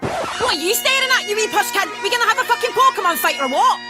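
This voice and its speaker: A woman's voice: very high voice, animated, quick pace, over loud music, voice pushed up. A woman voicing a foul-mouthed Scottish girl Pokemon trainer, brash and taunting, in a Scottish accent.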